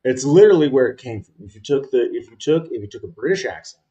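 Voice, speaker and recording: A man from rural North Carolina with a Southern drawl, hosting a tabletop game in a folksy, joking way with many pauses. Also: medium pitch, lively intonation, dark tone, muffled recording. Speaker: game master.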